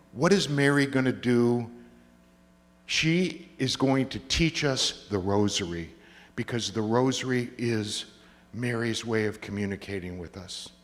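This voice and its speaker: A man giving a testimony talk, telling his story with comic timing and acting out the voices of the people he quotes. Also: mid-range voice. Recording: long reverb of a large hall.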